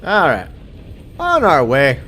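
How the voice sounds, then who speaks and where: Chatty, joking streamer, fairly high voice. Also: male voice, huge pitch swings, slow pace, sharp tone, a little hiss or hum. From Minnesota. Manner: chatty, joking, swears freely. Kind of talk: casual gameplay commentary.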